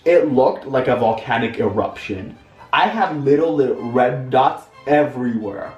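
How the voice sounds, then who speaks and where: A man's voice: animated, measured pace, a little mellow, dull audio. A young man telling a dramatic, campy story from his childhood in a storytime vlog. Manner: campy, dramatic, swings into high-pitched voices. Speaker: vlogger. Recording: echoey room, far from the mic, music underneath.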